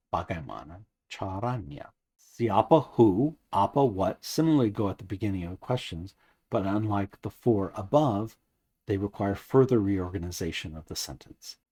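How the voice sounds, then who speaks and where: A man narrating a scripted grammar lesson, reading out example sentences slowly and carefully. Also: fairly low pitch, darkish tone, slightly rough. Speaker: language teacher.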